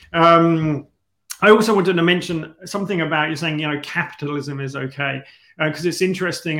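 A man's voice: a little high, fairly bright tone, reverberant. A man from the UK, a guest in an interview, talking in an earnest, searching way and often restarting his phrases. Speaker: guest, entrepreneur. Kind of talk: reflective interview talk.

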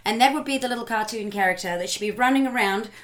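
A woman's voice: fairly high pitch, fast talker, slight background noise. A woman co-hosting a podcast in casual chat, playful and descriptive. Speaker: podcast co-host.

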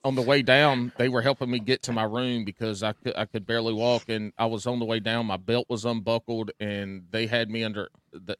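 A man's voice: medium pitch, steady tone, brisk, few pauses, fairly bright tone, clean tone, dry recording. A man, co-hosting a podcast and telling rambling, self-mocking stories in casual chat. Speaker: podcast co-host.

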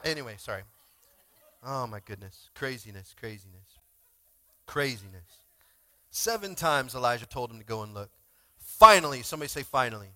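A male pastor preaching a sermon informally, swinging between shouted exhortations and quiet asides, often asking the congregation to respond. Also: mid-range voice, animated, moderate pace, long pauses, dry recording. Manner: informal, frequent "like" and call-and-response.

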